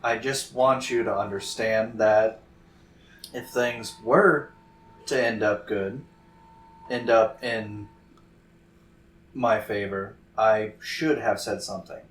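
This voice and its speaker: A man playing a gentle, formal young adventurer, speaking in a measured, careful way. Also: fairly low pitch, steady tone, reverberant, rough recording.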